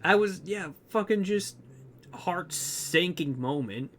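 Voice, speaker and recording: Bright-voiced young man rambling casually. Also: high-pitched, slow, a little hiss or hum. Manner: rambling, filler-heavy, animated retelling. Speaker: podcast co-host. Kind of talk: casual chat.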